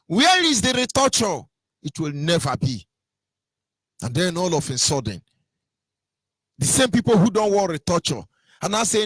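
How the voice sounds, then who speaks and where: Nigerian guy ranting about politics, highish voice, dry close sound, mocks ppl in a singsong then drops low. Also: big pitch swings, normal speed, no room sound. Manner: swings from shouted mockery to low muttering, mimics opponents in sing-song. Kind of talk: impassioned political monologue.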